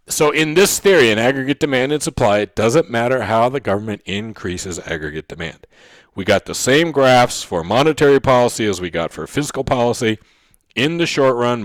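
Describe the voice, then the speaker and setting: A man giving a recorded economics lecture in a mid-pitched voice. He keeps checking in with his listeners with "okay?" and "right?", and he goes back over key points slowly. The recording is dry and close, with no room sound. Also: no room sound. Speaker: economics teacher.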